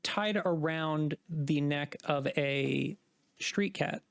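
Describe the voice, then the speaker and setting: A woman's voice: deep voice, extremely slow, gravelly, dry recording, studio quality. A woman narrating a tabletop game as game master, in a hesitant way with many fillers.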